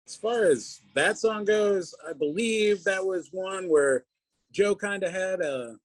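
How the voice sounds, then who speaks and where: A man from a rock band talking in a relaxed interview, rambling loosely with lots of filler. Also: sits high, slow, no room sound, rough recording. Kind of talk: casual interview chat.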